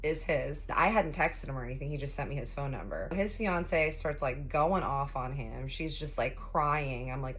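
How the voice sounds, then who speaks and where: Young woman, low voice, chatty storytime, dramatic retelling with swearing. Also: animated, normal speed, hardly any pauses. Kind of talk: casual storytime.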